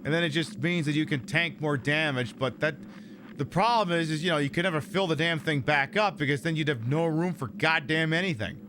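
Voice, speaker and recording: A man's voice: a little high, a little fast, fairly bright tone. A man giving casual gameplay commentary as a streamer, profane, ranting and sardonic. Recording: noisy ambience behind.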